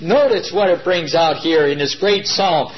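A man preaching a sermon to his congregation, emphatic and drawing key words out slowly. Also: on the high side. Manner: addresses congregation as "beloved". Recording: dull lo-fi recording.

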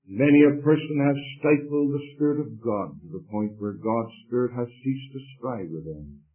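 A man's voice: mid-range voice, expressive, normal speed, hardly any pauses. Preacher man, dramatic swings, tinny tape. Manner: dramatic swings from loud urging to hushed warnings. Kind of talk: evangelistic sermon.

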